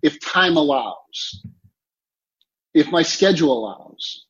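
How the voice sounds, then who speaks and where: A man speaks as a time coach in an interview, hammering home his points with emphatic repetition. His voice sits a little high, and the audio sounds muffled and lo-fi, like a remote connection. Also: sing-song, slow pace, fairly bright tone. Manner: emphatic, repeats key phrases, coaching tone. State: clearing throat, choked up. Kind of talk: motivational interview talk.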